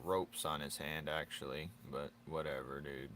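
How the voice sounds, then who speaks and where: A man's voice: extremely low pitch, fairly even intonation, moderate pace, fairly bright tone, a little hiss or hum. A man chatting casually with his viewers while drawing on a live stream, teasing and joking, laughing often.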